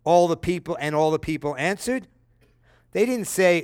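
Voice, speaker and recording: A man delivers a sermon in a noticeably high voice, reading scripture with dramatic flair. He breaks in with casual, conversational asides that check in with his listeners. The sound is dry and close, with no room echo. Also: normal speed, clean tone. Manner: dramatic, lively reading of quoted speech. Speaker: preacher.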